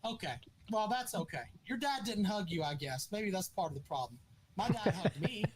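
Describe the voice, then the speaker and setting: A man's voice: high-pitched, expressive, moderate pace, crowd noise. A man hosting a sports podcast, taunting an angry caller by repeating the same jab and adding a mock-polite "sir". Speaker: podcast host. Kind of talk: heated sports call-in argument.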